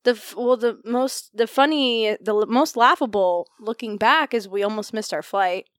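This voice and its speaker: A woman's voice: on the high side, normal speed, no echo, studio quality. A woman from Indiana co-hosting a podcast, telling rambling stories with restarts and some cursing. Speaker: podcast co-host. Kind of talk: casual chat.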